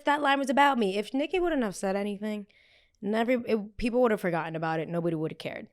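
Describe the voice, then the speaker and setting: Animated, gossipy young woman podcaster. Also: on the low side. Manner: animated, gossipy and blunt, with frequent quoted voices. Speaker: podcast host. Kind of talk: casual pop culture chat.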